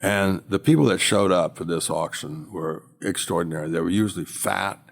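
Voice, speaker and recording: Deep gravelly older man telling stories. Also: normal speed. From United States. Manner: animated storyteller, acts out quotes. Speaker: guest, former auctioneer. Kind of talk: anecdotal storytelling interview.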